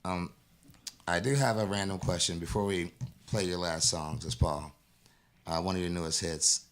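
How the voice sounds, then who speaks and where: A man's voice: low-pitched, steady tone, normal speed. A man co-hosting a radio show, wry and laughing, steering the talk to the next question. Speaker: radio co-host. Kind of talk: casual radio chat.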